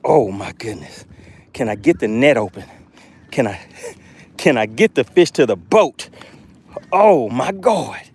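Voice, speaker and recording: A man hosting a live fishing stream from a boat outdoors, excitably narrating his catch and reading chat aloud. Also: medium pitch, a little slow, long pauses, breathy edge. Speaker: fishing livestream host.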